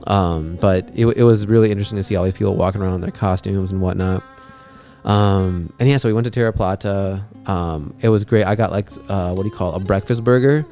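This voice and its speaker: A man's voice: sits low, fairly quick, mellow, faint music behind. A young man hosting a podcast, rambling through a travel story in a laid-back, profane way, with plenty of fillers. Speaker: podcast host. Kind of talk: casual travel story chat.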